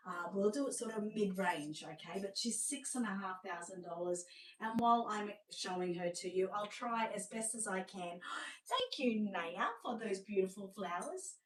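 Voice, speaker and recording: An Australian woman chats and gushes through a live-stream sales showcase, sinking to a hushed voice over the sweetest items. Her voice sits at an ordinary middle pitch for a woman. The sound is roomy and set back from the microphone. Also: animated, normal speed, recorded from a distance. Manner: chatty, gushing, drops to a hushed voice over sweet babies. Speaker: doll seller hosting a live showcase. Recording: roomy sound, away from the mic.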